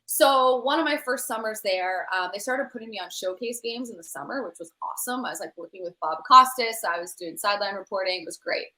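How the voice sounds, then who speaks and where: A woman's voice: medium pitch, a little fast, few pauses, reverberant, rough recording. A woman hockey broadcaster guesting on a podcast, telling rambling stories with lots of laughter. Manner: rambling, animated, laughs often. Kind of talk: casual podcast chat, storytelling.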